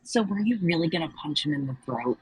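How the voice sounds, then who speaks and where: A woman's voice: deep voice, lively intonation, fast, slightly rough, no room sound, poor audio. A woman player in a tabletop game, blunt and teasing.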